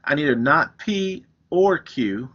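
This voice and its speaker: A man's voice: on the high side, animated, slow pace, a bit bright, lo-fi sound. A man teaching a recorded math lesson, explaining step by step with everyday examples. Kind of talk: recorded lecture, writing on screen.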